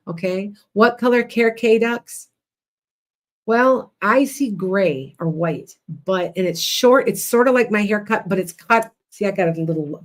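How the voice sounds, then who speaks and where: Midwestern Chicago-accented woman, chatty and blunt, livestream psychic host, mid pitch. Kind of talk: casual livestream readings.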